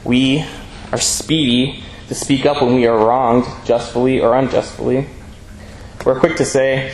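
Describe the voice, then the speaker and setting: Guy preaching a sermon, mid-pitch voice, earnest and steady, roomy echo, faint hiss behind. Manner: earnest, measured preaching with scripture readings. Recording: echoey room with faint ambient noise.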